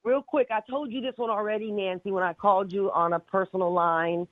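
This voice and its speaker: A woman calling in to a radio show, a fast, chatty storyteller. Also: mid-range voice, fairly even intonation, dry recording. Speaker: caller. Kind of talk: telling a dream on a call-in show. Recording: tinny phone line.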